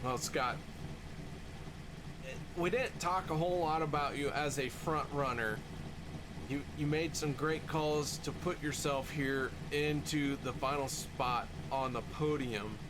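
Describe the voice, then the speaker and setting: A man calls a post-race show in a slightly raised voice, upbeat and steady as he interviews drivers and reads out results. A faint hiss of noise sits under the recording. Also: fairly high pitch, a little slow. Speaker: race broadcaster.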